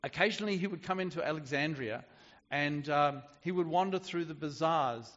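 A man's voice: a little high, moderate pace, fairly bright tone, big-room sound, highs cut off. A man preaching a sermon in a conversational way, often restarting his sentences. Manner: conversational with frequent restarts and fillers.

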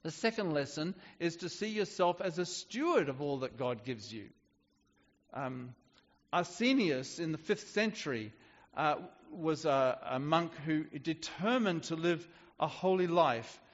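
A man's voice: on the high side, animated, unhurried, big-room sound, lo-fi sound. A man preaching a sermon in a conversational way, often restarting his sentences. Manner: conversational with frequent restarts and fillers.

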